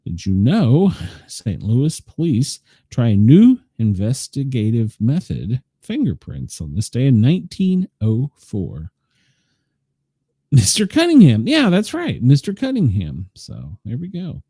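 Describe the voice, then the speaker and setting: A man's voice: medium pitch, wildly swooping pitch, measured pace, mellow, husky, no echo, studio quality. A man hosting a casual talk show, ranting with profanity and laughing often. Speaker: host. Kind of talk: casual chat.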